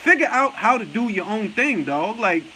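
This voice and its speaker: A man's voice: high voice, very animated, normal speed, sharp tone, slight background noise, rough recording. A man with a New York accent hosting a boxing talk show, talking bluntly and profanely and often laughing as he answers viewer comments.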